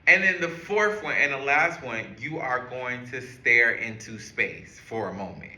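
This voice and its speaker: A man teaching a group, walking them through breathing and counting in a slow, guiding way. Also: medium pitch, expressive, bright, forceful tone. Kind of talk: classroom lesson on calming strategies. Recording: echoey room.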